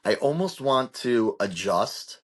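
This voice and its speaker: A man's voice: mid-range voice, very animated, takes it slowly. A man co-hosting a podcast, talking casually and rambling with many restarts and fillers. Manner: rambling, restarts often, heavy use of "like". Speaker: podcast co-host.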